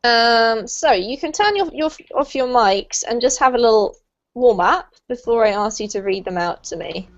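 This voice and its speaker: A woman's voice: fairly high pitch, lively intonation, moderate pace. A woman teaching English pronunciation to an online group class, encouraging and praising her students. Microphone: video call. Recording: muffled lo-fi video call audio.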